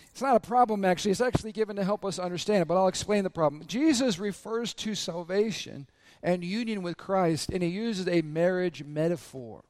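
Male pastor with a high voice and a slightly raspy throat, lively sermon full of crowd questions, dry close sound. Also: no room sound. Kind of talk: sermon to a congregation.

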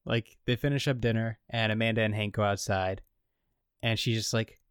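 A man co-hosting a casual podcast, recapping a show and acting out the characters' lines in an animated way. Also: fairly low pitch, normal speed, clear, resonant tone, no echo, studio quality. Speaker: podcast co-host recapping an episode. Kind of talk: casual chat.

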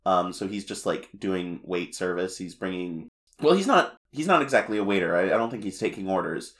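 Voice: deep voice, animated, brisk. A podcast co-host in casual chat, recapping a cartoon episode with rambling asides, fillers and frequent laughter.

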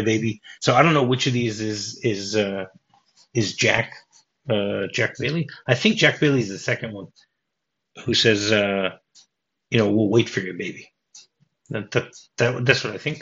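A man hosting a casual film podcast, talking in halting bursts and often repeating his words. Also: medium pitch, fairly even intonation, fairly bright tone. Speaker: podcast host. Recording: dull lo-fi podcast audio.

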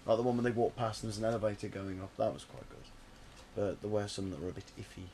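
A man's voice: lowish voice, fast, mellow, a little hiss or hum. A man chatting casually about films as a podcast co-host, swearing and laughing freely. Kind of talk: casual film chat.

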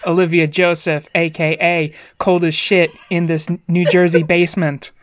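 A woman's voice: lowish voice, moderate pace, no echo, clean studio sound. A woman co-hosting a podcast in casual comedic chat, telling stories with lots of laughter and frequent swearing, recorded in a basement. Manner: animated storyteller, laughs often, swears freely. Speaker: podcast co-host.

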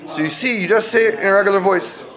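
A man's voice: high-pitched, fast talker, a crowd in the background. A man teaching a classroom Talmud lesson, explaining step by step and checking in with students often.

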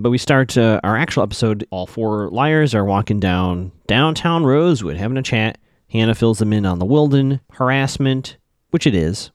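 A man's voice: lowish voice, darkish tone, no echo. A man hosting a casual recap podcast, chatty and wry, swearing now and then, on a close desk mic. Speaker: podcast host.

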